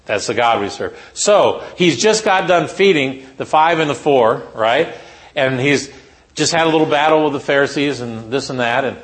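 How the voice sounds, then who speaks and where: A man preaching a sermon to teachers, telling a story with rhetorical questions and lively asides. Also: medium pitch, moderate pace.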